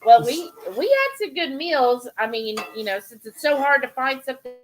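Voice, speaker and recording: High, lively woman hosting a cooking stream. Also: normal speed. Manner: reads viewer comments aloud, greets each by name. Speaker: cooking livestream host reading chat. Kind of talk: casual live-stream chat.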